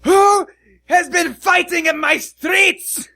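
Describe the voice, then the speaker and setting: A man voicing a short-tempered male dwarf guard captain who shouts and blusters. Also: extremely high pitch, animated, slow, dry recording, voice pushed up, exaggerated voice. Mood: furious.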